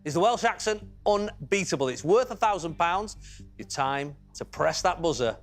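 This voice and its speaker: Jokey, higher-voiced male quiz show host. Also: lively intonation, normal speed, faint music behind. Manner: jokey, chatty, teasing. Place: TV studio with audience.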